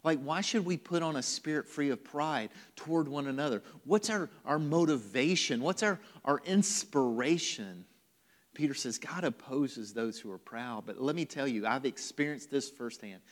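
Pastor preaching in an echoing church. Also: male voice, medium pitch, animated, moderate pace. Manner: conversational preaching with sudden whispered emphasis. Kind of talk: sermon.

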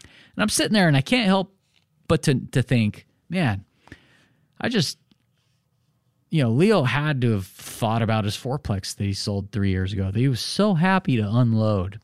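A man's voice: mid-range voice, normal speed, pauses often, no room sound, clean studio sound. A man hosting a real estate podcast, talking in a casual solo monologue and telling stories with lots of "you know" fillers. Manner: animated storytelling, many "you know" fillers.

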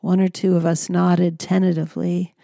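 A woman tells her own story in a calm, measured audiobook reading. Her voice sits low and mellow with a gravelly edge, and the dry booth recording keeps it close and plain. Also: dry recording. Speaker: memoir narrator. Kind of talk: audiobook memoir narration.

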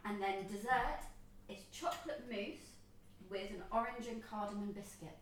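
A young woman in a casual family chat, teasing and quick to poke fun. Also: mid-range voice, slight background noise. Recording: roomy, distant mic, faint clatter.

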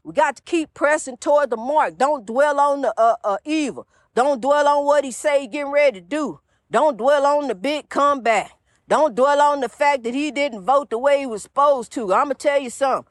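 High-voiced woman preaching with fervor. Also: normal speed, dry recording, studio quality. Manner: rhythmic, repetitive exhortation, calls listeners honey. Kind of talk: informal preaching.

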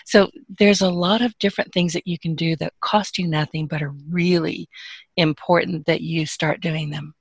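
A woman talks as a podcast guest, her voice husky and a little breathy. She is emphatic and frank and drops in jokes while handing out advice. The sound is dry and close, with no room around it. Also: deep voice, fairly even intonation, moderate pace, no room sound. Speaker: podcast guest, business owner. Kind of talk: casual interview advice.

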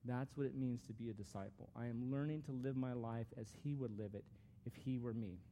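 A man's voice: medium pitch, brisk, dark tone, slight background noise. A man giving a conversational, earnest sermon as a pastor, with frequent restarts.

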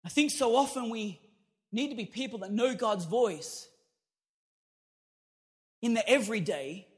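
A man preaching an energetic sermon as pastor, emphatic and punchy, calling out to his congregation. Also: very high-pitched, measured pace.

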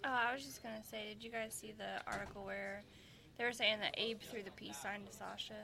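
A woman joining a podcast chat with quick, tentative interjections. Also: medium pitch, steady tone, creaky, a crowd in the background. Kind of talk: casual chat. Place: comic shop event. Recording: noisy crowded room, off-mic.

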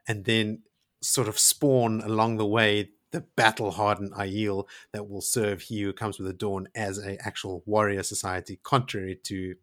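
Low-voiced man enthusing over a book. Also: flat delivery, normal speed, a bit bright. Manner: enthusiastic, retelling the story with emphatic asides. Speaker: podcast co-host. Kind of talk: casual book discussion.

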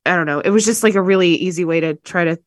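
A woman's voice: lowish voice, very fast, no room sound, clean studio sound. A woman co-hosting a casual podcast, blunt and playful, swearing freely. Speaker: podcast co-host. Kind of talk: casual chat.

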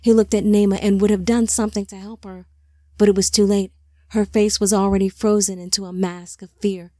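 Mellow woman narrating an audiobook. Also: mid-range voice, flat delivery, fairly quick, no room sound, studio quality.

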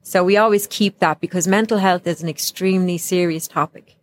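A woman's voice: fairly low pitch, steady tone, fairly quick, a little hiss or hum. A woman with an Irish accent, a charity founder talking earnestly as a podcast guest and laughing easily. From Ireland. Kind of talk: casual podcast conversation.

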